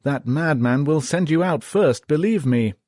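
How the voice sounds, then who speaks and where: A man's voice: fairly high pitch, animated, measured pace, a little mellow, no room sound, studio quality, voice pushed up. A man voicing a wry young soldier who jokes and confides, in an audiobook reading. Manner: joking, confiding.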